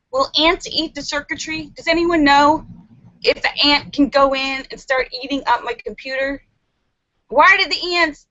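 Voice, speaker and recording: A woman hosting a casual live stream from a room at home, animated and giggly as she reads viewer comments. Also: high-pitched. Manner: chatty and animated, giggles often. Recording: slightly muffled lo-fi.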